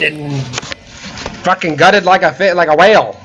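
A young man giving casual gaming commentary, excitable, yelping, whooping and swearing often as he plays. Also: on the high side, moderate pace, over music. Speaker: gaming channel host.

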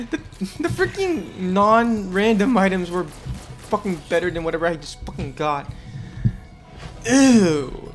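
A woman doing unscripted gameplay commentary, excitable and swearing constantly, panicky and self-mocking, rambling with fillers. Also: lowish voice, measured pace, soft background music. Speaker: gaming YouTuber.

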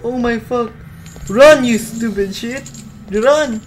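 A man's voice: extremely high pitch, takes it slowly, slight background noise. A man playing a horror game and talking through it, swearing constantly and jumping at every scare. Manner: swearing constantly, jumpy and excitable. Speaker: player. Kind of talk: casual gaming commentary.

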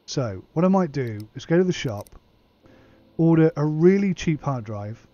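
A man's voice: on the high side, animated, a little slow, warm tone, dry recording, dull audio. A man hosting a let's play, reading game text aloud and muttering asides to himself. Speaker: gaming channel host.

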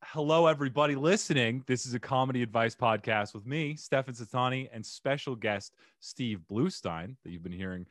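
A man's voice: medium pitch, fairly quick, hardly any pauses, no room sound, studio quality. A man in his thirties hosting a podcast interview, casual and playful, laughing often and joking about himself. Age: 30s. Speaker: podcast host.

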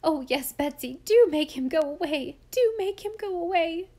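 A woman reading a storybook, voicing a timid, gentle aunt who shrieks and pleads in panic. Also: very high-pitched, expressive, moderate pace, pitched above the performer's own voice. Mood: pleading.

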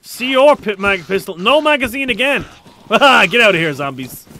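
A man live-streaming a survival game, talking fast and loose, swearing, joking and reading chat messages aloud with high energy. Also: expressive, sharp tone.

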